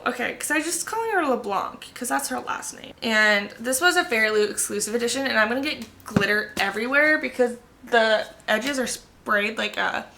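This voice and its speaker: A young woman in her twenties talks through her reading list in a loose, gossipy way, peppering every sentence with fillers. Her voice sits a little high and sounds bright and sharp, with a gravelly fry at the ends of phrases. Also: slight background noise. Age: 20s. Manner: chatty, gossipy, full of "like". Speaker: book vlogger. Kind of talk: casual book chat to camera.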